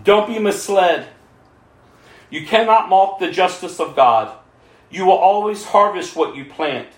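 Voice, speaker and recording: A man preaching a sermon as pastor, swinging from fervent cries to quiet pleading. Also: sits high, expressive, a little slow, reverberant.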